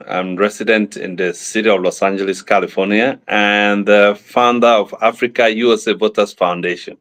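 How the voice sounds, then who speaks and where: A man panelist introduces himself as the founder of a foundation. His voice runs fairly low, and he speaks politely, restating things as he goes. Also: moderate pace, hardly any pauses, fairly bright tone.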